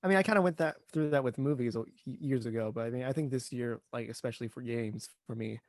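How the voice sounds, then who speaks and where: A man's voice: medium pitch, fast, dry recording, clean studio sound. A man co-hosting a casual podcast, talking hesitantly and correcting himself. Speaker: podcast co-host. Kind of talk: casual chat.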